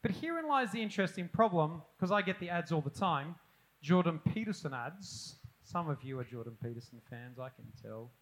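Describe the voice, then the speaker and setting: A middle-aged man preaching a sermon, animated and self-deprecating with humorous asides. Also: on the high side, moderate pace, rough recording. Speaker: pastor.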